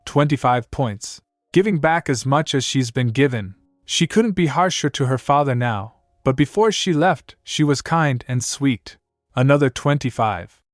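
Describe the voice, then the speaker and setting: A man's voice: mid-range voice, animated, unhurried, no room sound, studio quality, soft background music, pitched above the performer's own voice, close to an everyday voice. A man voicing a proud, stubborn old grandfather who groans and protests in a storybook recap. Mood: grudging.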